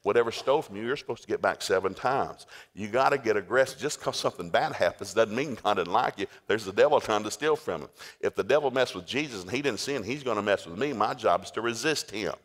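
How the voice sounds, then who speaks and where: A man's voice: lowish voice, lively intonation, fast talker. A man preaching a sermon in a folksy, storytelling way. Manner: folksy storytelling, acts out scenes. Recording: echoey hall with long reverb.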